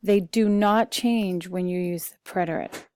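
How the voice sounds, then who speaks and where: Slow, patient woman teaching Spanish. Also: fairly low pitch, a little mellow, no echo, clean studio sound. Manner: slow, patient, talks through vocabulary lists with fillers. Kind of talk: recorded classroom lesson.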